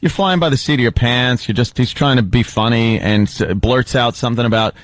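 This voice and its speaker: A man's voice: mid-range voice, a little fast, no room sound. A man co-hosting a radio talk show, blunt and sardonic. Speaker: radio co-host. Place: radio studio.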